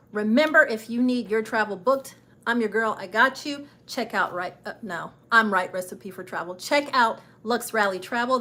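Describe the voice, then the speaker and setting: On her travel channel livestream, a woman who works as a travel agent chats casually and cheerfully with viewers, encouraging them and laughing frequently. Her voice sits on the high side, sounding pushed and bright.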